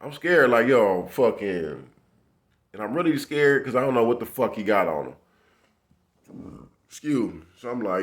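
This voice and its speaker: A man recounting a tense run-in on the street, talking loosely in heavy profane slang. He acts out both sides of the exchange in quoted lines. His pitch sits in a middle range for a man. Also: lively intonation, unhurried, pauses often. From Los Angeles area. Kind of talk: casual storytelling.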